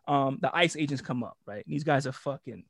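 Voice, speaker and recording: A man co-hosting a casual chat, telling a story in an animated, profane way and laughing often. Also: medium pitch, fairly quick, creaky, no room sound, studio quality. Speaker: podcast co-host.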